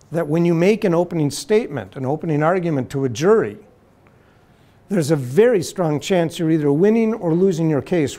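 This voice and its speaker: A man giving a university law lecture in a deliberate, measured way, slowing to stress key terms. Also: on the high side, a little mellow.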